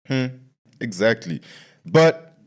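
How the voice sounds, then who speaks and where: A man's voice: mid-range voice, very animated, takes it slowly, a little mellow. A man hosting a casual sports podcast, ranting and repeating himself with slangy asides.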